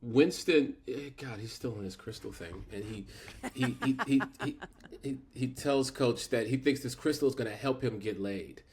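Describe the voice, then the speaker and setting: A man's voice: medium pitch, normal speed, darkish tone. A middle-aged man co-hosting a podcast, telling the story animatedly in a casual chat and laughing often. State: sick. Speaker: podcast co-host. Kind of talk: casual chat recapping a sitcom.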